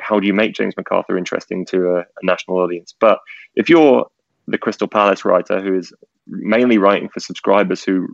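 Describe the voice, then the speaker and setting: A man's voice: sits low, creaky, no room sound. A man from England, a sports media director, talking through ideas in a casual interview with frequent restarts. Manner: conversational, frequent restarts and "like", "you know". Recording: dull, slightly lo-fi dry audio.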